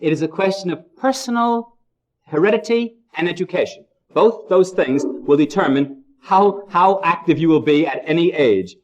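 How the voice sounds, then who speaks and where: A man's voice: a little high, normal speed, a little hiss or hum. A man giving a humorous lecture to a live audience, a jokey storyteller who repeats phrases for effect, in an old 1960 recording.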